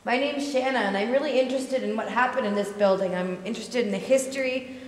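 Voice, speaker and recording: A woman calls out gently to spirits, asking coaxing questions one after another. Her voice sits a little high and rings through a roomy hall with a long reverb, as if she stands in a big empty building at night. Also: fast. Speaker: paranormal investigator. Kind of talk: calling out to spirits.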